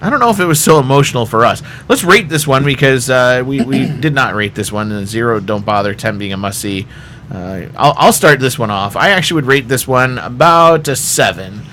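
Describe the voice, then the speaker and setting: Male podcast host, bright voice, casual panel chat in a studio, faint background hiss. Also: medium pitch, lively intonation, a little fast. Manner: leads discussion, asks panel for ratings.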